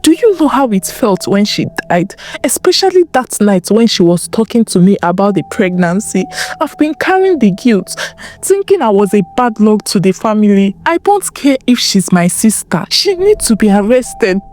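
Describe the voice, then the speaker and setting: A woman's voice: mid-range voice, sing-song, normal speed, darkish tone, slight background noise, natural voice. A woman voicing a distraught young woman, angry and grieving, whose pleading words break into whispers. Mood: furious.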